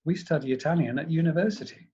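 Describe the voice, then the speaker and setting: A man's voice: a little high, quick pace, darkish tone, muffled recording, slight background noise, pitched above the performer's own voice, close to an everyday voice. A man voicing a sleep-deprived young university student who answers a little hesitantly. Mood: weary. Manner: tired, hesitant replies.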